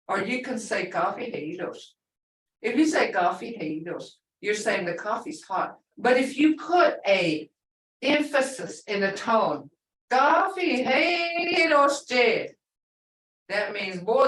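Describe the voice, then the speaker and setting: A patient middle-aged woman teaches slowly, repeating each word so learners can follow. Her voice sits at a middle pitch. She sounds set back from the microphone in an echoey room. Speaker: language teacher. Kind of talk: live online language lesson. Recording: echoey room, far from the mic.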